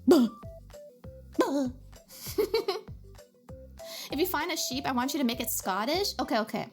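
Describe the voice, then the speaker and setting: A woman's voice: high voice, very animated, moderate pace, fairly bright tone, faint music behind. A woman livestreaming a game, chatting with her viewers in a bubbly, giggly way from a home setup. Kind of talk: casual livestream chat.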